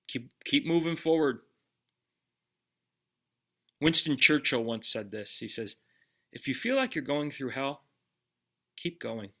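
A man preaching a sermon in a conversational way, putting direct questions to his listeners and dropping his voice low on key lines. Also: very animated, takes it slowly, pauses often, pushed and bright. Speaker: pastor.

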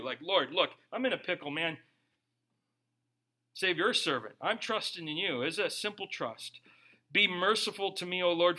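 Speaking a little high with a sharp tone, a man who is both a pastor and a parent delivers a sermon. He's young adult or middle-aged, and his preaching is conversational and jokey, with little quotes acted out along the way.

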